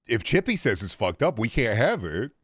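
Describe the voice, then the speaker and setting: A male game streamer riffing with sarcastic, joking banter. His pitch swings widely as he talks. The sound is close and dry. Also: very animated, normal speed, a bit bright, no room sound. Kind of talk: casual gaming commentary.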